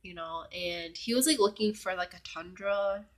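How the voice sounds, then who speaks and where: A woman's voice: on the low side, moderate pace. A young woman telling a personal story in a casual vlog, chatty and full of fillers, sometimes dropping to a whisper. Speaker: vlogger.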